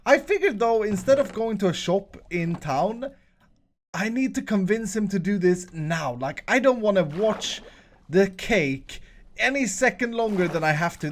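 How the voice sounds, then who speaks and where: A man's voice: sits high, a little hiss or hum. A Swedish-accented man hosting a casual Minecraft commentary, playful and jokey, often restarting his sentences. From Sweden. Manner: playful, jokey, frequent self-corrections and restarts. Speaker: host, Minecraft player.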